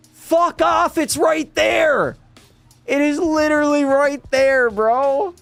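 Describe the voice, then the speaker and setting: A young man streaming a hockey video game, commentating live and swinging into frustrated yelling at bad plays. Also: fairly high pitch. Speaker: gaming streamer.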